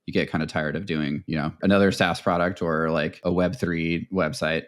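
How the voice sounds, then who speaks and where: Very low-voiced man chatting as a guest. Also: moderate pace, clear, resonant tone. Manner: relaxed, enthusiastic, talks in long run-on answers. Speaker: podcast guest, web designer. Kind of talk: casual interview chat.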